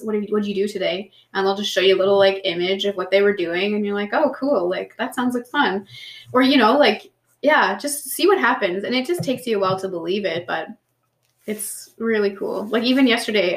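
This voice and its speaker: A woman's voice: mid-range voice, a bit bright. A woman co-hosting a casual chat, a chatty storyteller who swears freely. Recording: echoey room.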